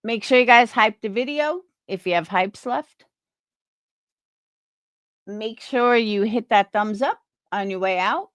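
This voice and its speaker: A woman's voice: fairly high pitch, takes it slowly, long pauses, fairly bright tone, clear, resonant tone, no room sound, studio quality. A woman live streamer chatting casually with her viewers, opinionated and rambling, restarting her sentences.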